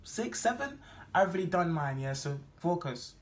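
A man playing an eager schoolteacher in a comedy skit, brisk and lecturing. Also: fairly high pitch, animated, lightly acted. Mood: teacherly. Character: eager male British secondary school teacher.

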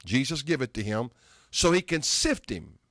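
A middle-aged man preaching a sermon, quoting scripture and slowing down hard on key words for emphasis. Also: mid-range voice, big pitch swings, fairly bright tone, no echo, studio quality.

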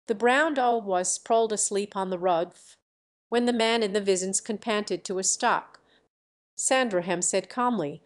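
Woman narrating an audiobook. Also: medium pitch. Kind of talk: audiobook reading.

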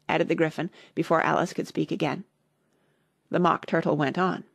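A woman narrating a classic storybook with steady, unhurried storytelling. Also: sits low, creaky, husky, no room sound, studio quality. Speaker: audiobook narrator.

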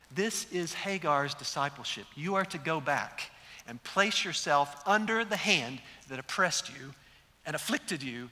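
A man's voice: fairly high pitch, expressive, moderate pace, pushed and bright. A man preaching a sermon to a large gathering, telling the story with animation and acting out quoted speech. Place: large church sanctuary. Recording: echoey hall.

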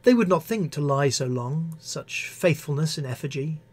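A man who teaches English, reading poems aloud with expressive, measured delivery and breaking off into hesitant spoken asides. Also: a little high, husky. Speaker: English teacher hosting a live stream. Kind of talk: poetry reading with commentary.

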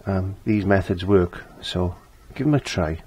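A man's voice: sits low, unhurried, a little mellow, husky. An older man giving a casual painting lesson, chatty and repeating his phrases as he works. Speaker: painting teacher.

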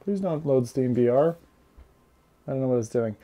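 A man's voice: medium pitch, animated, normal speed, mellow. A man streaming a VR game, chatting casually and reading viewer messages aloud. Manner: rambling, chatty, reads chat aloud. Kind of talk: casual live-stream chat.

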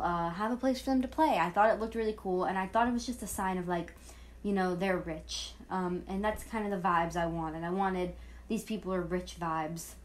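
A woman talks through her game footage in a loose, rambling, conversational way. She is coming down with a cold. The voice-over is recorded on her phone. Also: mid-range voice. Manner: chatty and rambling. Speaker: gaming channel host. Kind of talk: casual gameplay voice-over.

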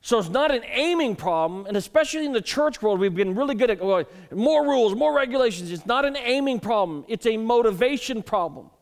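His voice is very high-pitched and lively, fairly quick with hardly any pauses. This thirties-aged pastor tells family stories in a conversational, self-deprecating sermon, frequently restarting, and the church hall adds long reverb.

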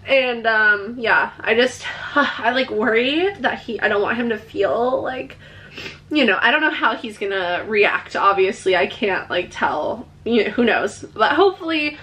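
A woman's voice: a little high, expressive, unhurried, bright, forceful tone. A young woman vlogging casually, gushing and emotional, with many filler words. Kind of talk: casual haul vlog.

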